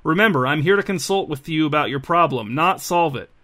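A man voicing a polite, cautious middle-aged consultant who speaks in a measured, formal way, close to his own voice. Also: a little high, lively intonation, pushed and bright. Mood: cautionary.

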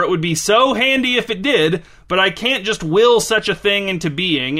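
A man's voice: high-pitched, pushed and bright. A man hosting a podcast, delivering a sarcastic, exasperated comedic monologue. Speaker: podcast host.

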